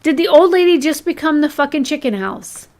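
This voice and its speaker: Excitable woman streamer, a bit high voice. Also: fairly quick. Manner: excitable, swears a lot. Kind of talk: casual game stream commentary.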